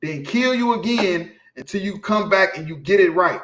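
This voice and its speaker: A man delivers an informal street sermon, emphatic and insistent, and keeps checking that his listeners follow. His voice sits a little higher than most men's. The recording rings with room echo. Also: expressive, normal speed, fairly bright tone. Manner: emphatic, preachy, keeps asking "you feel me". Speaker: street preacher teaching scripture.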